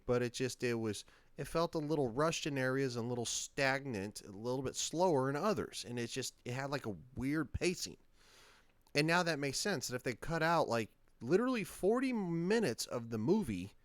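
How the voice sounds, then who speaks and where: A man's voice: mid-range voice, dry recording. A man hosts his own reaction video, talking casually and rambling. He stumbles through frequent fillers and restarts, and his voice sits in the middle of the usual male range. The recording is dry, with little room sound. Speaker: channel host.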